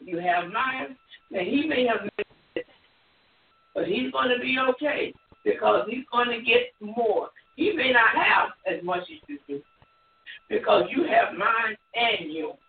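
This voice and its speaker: A woman preacher voicing a gentle, forgiving older father in a tender, reassuring way. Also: on the high side, animated, measured pace, vocal fry. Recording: tinny phone line, echoey and distant.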